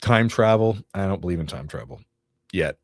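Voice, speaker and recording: Low-voiced man hosting a chatty podcast. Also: expressive, normal speed, no room sound. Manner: rambling, self-correcting explanations. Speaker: podcast host. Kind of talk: casual chat.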